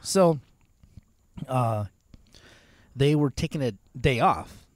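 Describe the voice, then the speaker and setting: A young man on a casual talk show, telling stories in an animated way and acting out the voices of people in them. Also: slow, no echo. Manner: animated storyteller, acts out quoted voices in higher pitch. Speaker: co-host. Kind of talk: casual chat.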